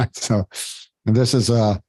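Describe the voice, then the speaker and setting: A man leading a devotional scripture class, talking informally and haltingly, searching for words and chuckling between points. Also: mid-range voice, dark tone, breathy edge, no echo, rough recording.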